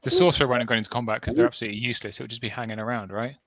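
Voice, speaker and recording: A man's voice: mid-range voice, fairly even intonation, very fast, no echo. A man commentating a tabletop wargame, upbeat and describing the action on the table.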